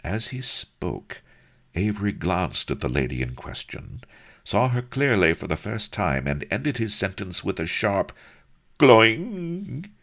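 A man reads the story aloud with an extremely deep, gravelly voice and a slow, unhurried pace. His delivery is wry and mock-heroic, rising and falling widely for effect. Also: big pitch swings, a bit bright. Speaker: narrator. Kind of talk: dramatic audiobook narration.

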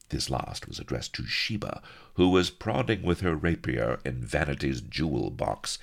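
Deep, gravelly male narrator, very expressive, wry comic storybook read. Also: moderate pace. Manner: wry, theatrical.

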